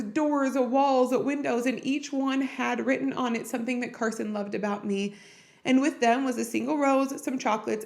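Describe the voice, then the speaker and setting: A woman hosting a podcast, speaking in a heartfelt, personal and encouraging way about faith and marriage. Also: fairly high pitch. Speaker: podcast host. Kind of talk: earnest faith-based marriage talk.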